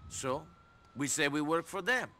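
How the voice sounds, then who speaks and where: Dry sarcastic game hero, keeps cracking wise, animated delivery. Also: male voice, a little high, measured pace, a little hiss or hum. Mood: calm, teasing. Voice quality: sarcastic, wisecracking under pressure. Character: dry-witted sardonic male immigrant hero. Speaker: player character. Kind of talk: video game cutscene acting.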